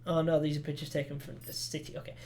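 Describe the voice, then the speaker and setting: A gamer from Romania giving chatty, filler-heavy let's play commentary that bursts into excited yelps. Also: mid-range voice, fast, a little hiss or hum. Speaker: gaming commentator.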